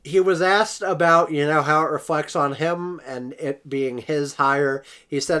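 A man's voice: a little high, fairly even intonation, unhurried, hardly any pauses, sharp tone, clean tone. A man co-hosting a casual podcast, reading out quotes and laughing at them wryly. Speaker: podcast co-host. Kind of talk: casual chat.

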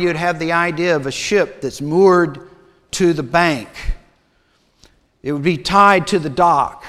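A man preaching a sermon as a pastor, deliberate and measured, sometimes dropping to a hush. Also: high voice, clear, resonant tone. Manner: slow, deliberate preaching with dramatic drops to a hush. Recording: long reverb of a large hall.

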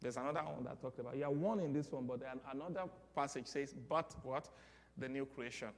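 A man with a Nigerian accent preaching a sermon, leading call-and-response and building to loud exclamations. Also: medium pitch, brisk. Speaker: pastor. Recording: long hall reverb.

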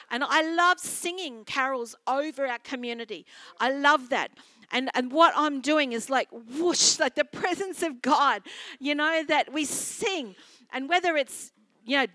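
An Australian woman pastor delivers an earnest sermon, telling stories and circling back to the same phrases. Her voice sits a little high and rings bright and forceful. It is recorded dry, with almost no room sound. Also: no echo. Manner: earnest, storytelling with repeated phrases.

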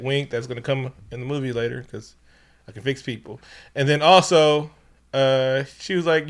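Loose, profane, and laughing, a man co-hosts a podcast and casually recaps a movie with jokes. His voice is medium-pitched, clear, and resonant, at a moderate pace.

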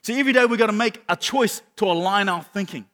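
High-voiced New man preaching. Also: fast talker, in a large hall. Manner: animated storytelling with acted-out quotes and repeated words. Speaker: pastor. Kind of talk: sermon.

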